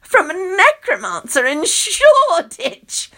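A woman voicing a deranged young female villain who shrieks and cackles, sometimes turning flat and smug. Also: slow, heavily acted. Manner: shrill, sing-song, then flat and smug.

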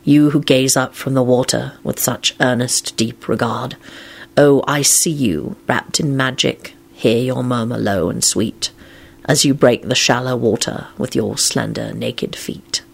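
A woman reading aloud and voicing a moody adult man who complains sarcastically and recites poetry softly. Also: rumbling low, steady tone, measured pace, vocal fry, breathy edge, pitched below the performer's own voice, exaggerated voice. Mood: tender. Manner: sarcastic grumbling, then soft tender recitation. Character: wry, moody adult male werewolf.

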